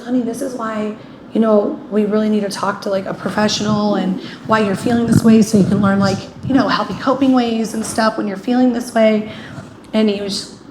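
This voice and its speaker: A woman guest telling a painful personal story in a rambling way, with many fillers, often acting out what people said. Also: medium pitch. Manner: rambling, many "like" fillers, acts out quoted speech. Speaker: interview guest. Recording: echoey room with faint ambient noise.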